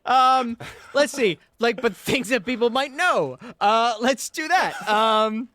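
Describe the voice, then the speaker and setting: A male comedian chatting as a podcast guest, stumbling and self-deprecating. His pitch moves a lot and his tone is bright. The recording is dry and close. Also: expressive, slow pace, no room sound. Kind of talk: casual podcast chat.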